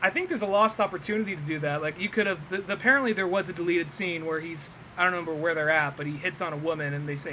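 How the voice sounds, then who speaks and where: Young man, podcast co-host, high bright voice, animated, faint room hum. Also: quick pace, hardly any pauses. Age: young adult. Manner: animated, laughing, acts out cartoon lines. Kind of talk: casual chat.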